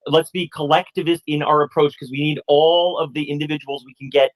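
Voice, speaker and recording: A man in a debate who stays calm and precise while mocking his opponent. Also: a little high, fairly quick, low-quality recording. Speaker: debate guest.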